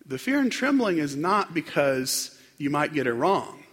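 A man preaching a sermon in a church, reflective and unhurried, with frequent fillers and restarts. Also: on the high side, big pitch swings, a bit bright, husky. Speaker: pastor. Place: church sanctuary. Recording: long hall reverb.

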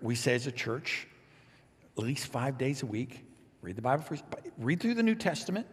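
A man preaching a sermon as pastor, animated and playful, reading scripture with lively asides. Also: mid-range voice, normal speed, slightly rough, long reverb tail.

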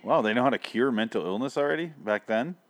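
A man's voice: mid-range voice, lively intonation, fast. A man co-hosting a podcast in casual, joking, sometimes profane banter. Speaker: podcast co-host. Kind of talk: casual chat.

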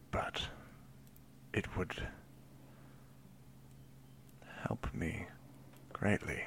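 A man's voice: deep voice, creaky, bright, forceful tone. A man playing a tabletop role-play game, talking in a dry, sarcastic, terse way. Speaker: player.

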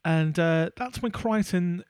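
A man's voice: high voice, takes it slowly, darkish tone, clean tone, no echo. A man co-hosting a podcast, chatting casually and rambling with lots of restarts and fillers. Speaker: podcast co-host. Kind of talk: casual chat.

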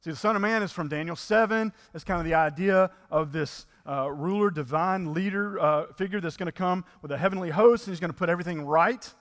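A man's voice: sits high, a little fast, few pauses, fairly bright tone, big-room sound. A man preaching a sermon in a conversational way, acting out the people in the story with rising intensity. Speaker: pastor.

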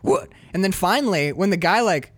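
A man's voice: high-pitched, normal speed, no room sound. A man co-hosting a casual podcast, riffing on a film with lots of swearing and laughter, acting out lines from scenes. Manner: animated, profane, laughs often, quotes scenes in voices. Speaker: podcast co-host. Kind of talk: casual movie-riff chat.

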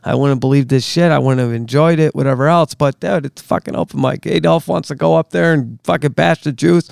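Raspy-edged, ranting podcast guest, a man. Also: a little fast, darkish tone, no echo, clean studio sound. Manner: angry, profane ranting that builds in pitch. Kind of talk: heated podcast conversation. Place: studio.

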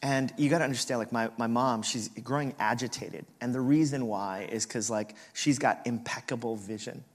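A man's voice: medium pitch, normal speed. Man preaching in a reverberant hall. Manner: animated storyteller who acts out family voices. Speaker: pastor. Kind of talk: sermon with storytelling.

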